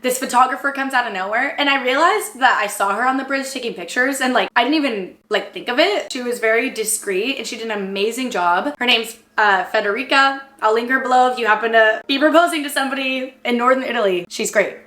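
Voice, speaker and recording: A young woman with a bright, forceful voice, fairly high-pitched, tells a story to camera in a rambling, excitable rush full of fillers. She sounds emotional, close to tears. The room is echoey. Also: a little fast, few pauses. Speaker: vlogger.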